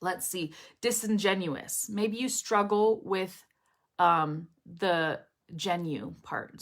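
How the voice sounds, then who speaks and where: A woman's voice: fairly low pitch, measured pace, a bit bright. A woman teaching English pronunciation in a casual live lesson, repeating drill phrases over and over and often checking in with "okay?".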